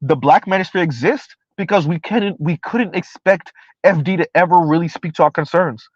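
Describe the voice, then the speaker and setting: A man under forty does casual live-stream commentary, ranting emphatically and repetitively while laughing often. His voice is fairly high with a breathy edge, delivered at normal speed. The lo-fi recording is dry and slightly dull, with no room sound.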